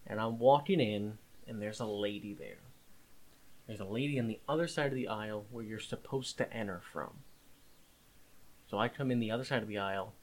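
A man co-hosting a casual podcast, telling a story in an animated, exasperated way. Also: lowish voice, brisk. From Italian-American. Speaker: podcast co-host. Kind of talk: casual chat.

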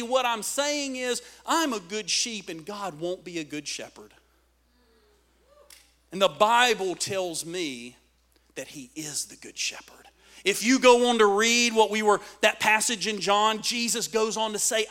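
High, bright-voiced preacher man. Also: expressive, a little slow. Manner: dynamic preaching, swings between loud emphatic lines and hushed asides. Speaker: pastor. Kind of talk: sermon.

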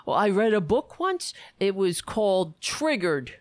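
A woman's voice: medium pitch, sing-song, unhurried, hardly any pauses, no echo. A woman comedian giving sarcastic, mocking commentary.

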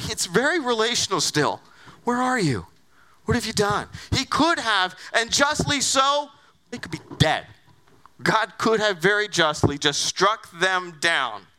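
A male pastor delivers a sermon in a bright, forceful voice that sits high for a man. He talks in an animated, conversational way. He keeps asking his listeners rhetorical questions.

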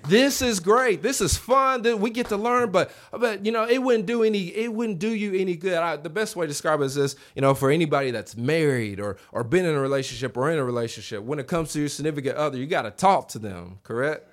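A man preaching a revival sermon in a church, animated, acting out quoted voices and calling on the congregation to answer back. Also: on the high side, quick pace, few pauses. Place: church sanctuary.

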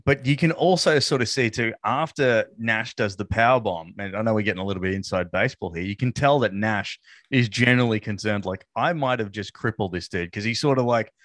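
A man's voice: fairly low pitch, brisk, a bit bright, dry recording, studio quality. A man co-hosting a casual podcast chat, rambling with many fillers and laughing easily. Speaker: podcast co-host. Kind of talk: casual chat reviewing wrestling.

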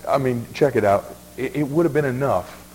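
A man's voice: mid-range voice, normal speed, a little mellow, husky. A male pastor preaching a sermon in a folksy, emphatic way, often repeating words as he restarts. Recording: long reverb of a large hall.

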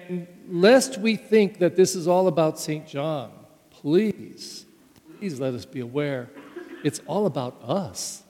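Male priest, slightly high voice, homily with stressed key words, long church reverb. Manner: conversational preaching with stressed words and sudden loud rises. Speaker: pastor. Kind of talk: sermon.

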